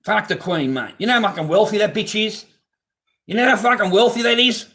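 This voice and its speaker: A man's voice: high-pitched, lively intonation, a little fast, a bit bright. A man hosting a live stream from his garage on a phone camera, talking casually in a blunt, profane, ranting way. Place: home garage.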